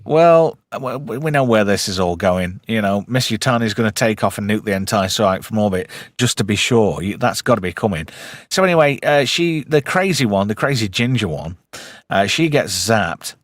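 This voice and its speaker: A man from the north of England hosts a loose chat, joking and swearing as he goes. His pitch swings a lot, and his voice sits close and dry with no room around it. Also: moderate pace, no echo. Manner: animated, swearing, jokey banter. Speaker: host. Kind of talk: casual chat.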